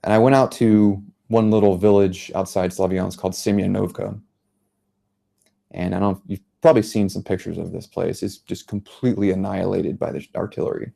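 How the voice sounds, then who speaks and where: A man from the United States in his thirties giving an earnest public talk as a journalist, telling a story in a measured way. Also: low-pitched, flat delivery, gravelly, dark tone. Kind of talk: public speech. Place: lecture venue.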